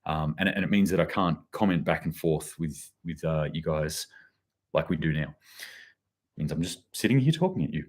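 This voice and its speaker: A man's voice: extremely low pitch, lively intonation, normal speed. A man hosting a livestream news commentary, rambling with many restarts and reading out chat comments. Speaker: host.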